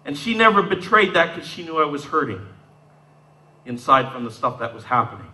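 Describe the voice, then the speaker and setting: A man's voice: fairly high pitch, very animated, fairly quick, pushed and bright, low-quality recording. A man in his fifties from Southern Ontario, telling his life story in a talk, acting out the scenes in a streetwise way. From Southern Ontario, Canada. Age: 50s. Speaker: speaker giving a talk.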